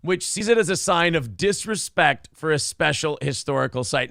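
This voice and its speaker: A man's voice: on the high side, lively intonation, normal speed, creaky, hardly any pauses, sharp tone, dry recording, studio quality. A man hosting a morning talk show, chatting casually in a crude, rambling, jokey way. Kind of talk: casual comedic chat.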